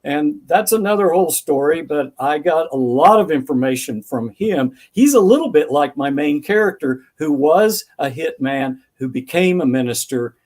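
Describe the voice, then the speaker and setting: A man's voice: on the high side, animated, moderate pace, few pauses, a little mellow. An older man, an author being interviewed, answering thoughtfully with anecdotes and acting out remembered dialogue. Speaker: author guest.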